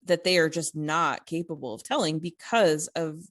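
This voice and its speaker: A woman with a lowish voice chats on a podcast, recorded dry and close to the mic. She tells her story in a loose, animated way, full of "like" and "you know" and restarts. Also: moderate pace, no echo. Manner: animated, many fillers and restarts. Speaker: podcast co-host. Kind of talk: casual conversational storytelling.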